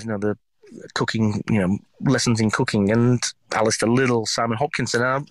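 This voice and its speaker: A middle-aged man from England with a Yorkshire accent, a chef chatting as an interview guest, telling animated stories and swearing freely. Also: lowish voice, no echo. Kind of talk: casual interview chat.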